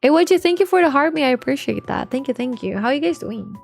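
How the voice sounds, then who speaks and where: Young woman, streamer, casual chat, rambling, slangy, slightly high pitch, faint background music. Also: animated, quick pace, vocal fry. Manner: chatty, rambling, heavy filler words and slang. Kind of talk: casual livestream chat with viewers.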